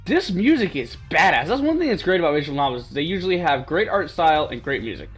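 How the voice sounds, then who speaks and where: A man's voice: on the high side, sing-song, quick pace, husky, faint music behind. A man hosting a gaming channel, giving playful, joking let's play commentary to his viewers.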